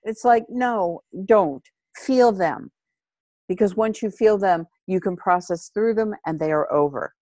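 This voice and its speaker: A woman's voice: medium pitch, a little slow, mellow, dry recording, studio quality. A woman in casual conversation about parenting, speaking earnestly and emphatically in a coaching tone.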